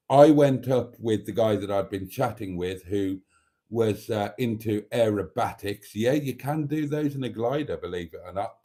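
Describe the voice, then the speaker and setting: A man's voice: on the low side, dark tone, rough recording. A man hosting a live stream, chatting and telling rambling stories with laughs and teasing asides. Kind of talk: casual chat and storytelling.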